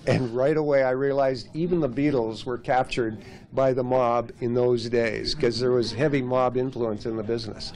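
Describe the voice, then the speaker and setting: A man's voice: medium pitch, moderate pace. A man, a former radio broadcaster, telling an anecdote at a restaurant gathering and acting out the dialogue as he goes. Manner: lively storyteller acting out quoted dialogue.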